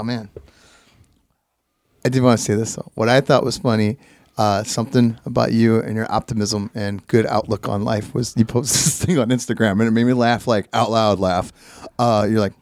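A man's voice: mid-range voice, moderate pace, no echo, studio quality. A man hosting a casual conversation, laid-back and profane, often laughing as he tells stories. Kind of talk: casual chat.

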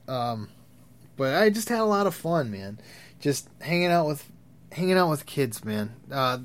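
A young man telling crude, rambling stories in a casual, profane way, laughing at his own tales. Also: medium pitch. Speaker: vlogger. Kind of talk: profane storytelling rant.

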